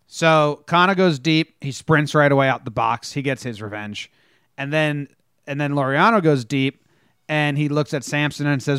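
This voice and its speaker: A man's voice: fairly high pitch, normal speed, smooth, dry recording, studio quality. A man co-hosting a casual sports podcast, retelling game moments and acting out the players' lines. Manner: animated storytelling, acts out quotes. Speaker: podcast co-host.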